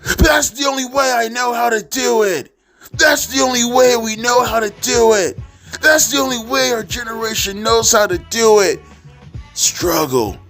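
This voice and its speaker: A man reading a grandiose male wrestler's speech aloud in a mocking, overblown way that builds to shouts. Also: mid-range voice, lively intonation, measured pace, soft background music, voice pushed up. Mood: mock shouting. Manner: mock-dramatic, rising to shouts.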